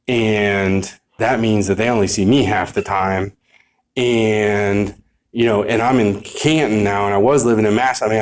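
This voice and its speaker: A middle-aged man with a low voice shares his story at a recovery meeting. He rambles in a loose, candid way, laughs at himself, and keeps asking whether you know what he means. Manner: candid, self-mocking with laughs. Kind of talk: personal recovery testimony.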